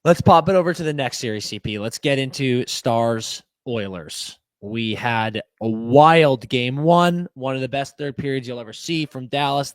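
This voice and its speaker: An animated young man breaks down hockey for his podcast, tripping over his own restarts as he gets worked up. His voice sits in a middle register, recorded close and dry with no room sound. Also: medium pitch, clear, resonant tone, no echo. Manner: animated, swearing, quick restarts. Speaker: podcast co-host. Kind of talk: casual sports chat. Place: podcast studio.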